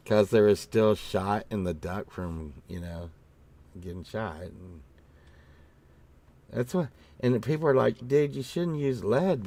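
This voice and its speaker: A man with a fairly low voice hosts a loose, chatty show. He rambles from story to story, full of fillers and restarts, throws in a curse here and there, and bumps his voice up when he acts out what he said back then. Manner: meandering storytelling with swearing and many fillers; acts out his own past remarks in a raised voice. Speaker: host. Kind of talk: casual rambling chat.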